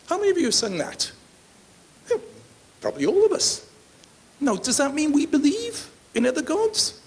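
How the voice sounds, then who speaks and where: A man pastor teaching a sermon, animated and joking with his congregation. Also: very high-pitched, moderate pace, long pauses. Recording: faint hiss.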